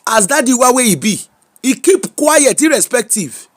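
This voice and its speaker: A woman's voice: on the high side, expressive, moderate pace. Exclamatory Nigerian woman gossip host. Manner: exclamatory, mixes Pidgin and Yoruba into English. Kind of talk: casual celebrity gossip commentary.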